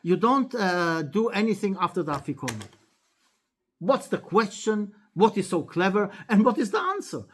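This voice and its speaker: Animated man teaching a lesson. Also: slight background noise. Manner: animated storyteller, acts out dialogue with sharp pitch jumps; halting, frequent restarts and fillers. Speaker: rabbi teaching a weekly class. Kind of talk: animated Torah lesson with storytelling.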